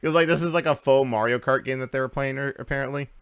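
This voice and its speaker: A man's voice: medium pitch, steady tone, quick pace, clean tone, dry recording. A man hosting a casual gaming podcast, rambling through news with lots of uhs and restarts. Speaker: podcast host.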